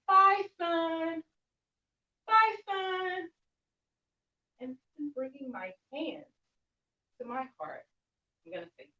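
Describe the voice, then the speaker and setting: A young woman leading a children's yoga class, playful and encouraging, with sing-song prompts. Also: high voice. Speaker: kids yoga teacher. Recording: muffled sound, distant from the mic.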